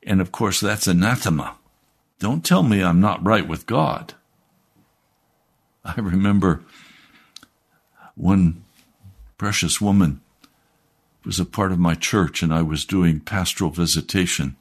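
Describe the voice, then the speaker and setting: Man, pastor, radio sermon, earnest, emphatic, slow, low voice. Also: slightly rough.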